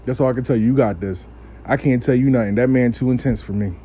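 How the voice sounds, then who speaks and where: A man doing a blunt woman friend, low and flat. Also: fast, husky, muffled recording, lightly acted. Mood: reassuring. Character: blunt close woman friend, spiritual practitioner.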